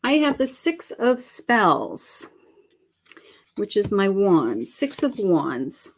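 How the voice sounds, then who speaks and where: A middle-aged woman giving live tarot readings as a psychic medium, talking in a halting way with many fillers and calling viewers sweetheart and honey. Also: medium pitch, sing-song, a little hiss or hum. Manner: slow, halting, with many fillers and terms of endearment. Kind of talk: live-stream card reading.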